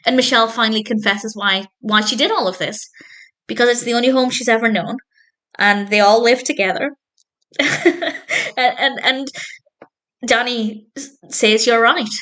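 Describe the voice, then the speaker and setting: A woman's voice: on the high side, steady tone, normal speed, bright, forceful tone. A woman reviewing a TV episode in a casual, enthusiastic way, laughing often and getting emotional. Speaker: film and TV reviewer.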